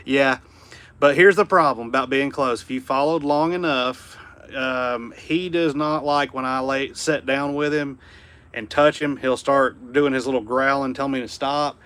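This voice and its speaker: A man with a Southern US accent hosting a casual livestream from home, reading viewer comments and speaking gently to his dog. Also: mid-range voice, fairly even intonation, unhurried. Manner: easygoing, drops to a hushed murmur around his dog. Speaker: livestream host. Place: home room indoors.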